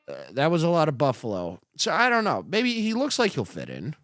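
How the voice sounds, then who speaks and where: A man's voice: a little high, big pitch swings, brisk, hardly any pauses, a bit bright, dry recording, studio quality. A young man hosting a comedy podcast, reacting to news clips with sarcastic, profane, rambling commentary.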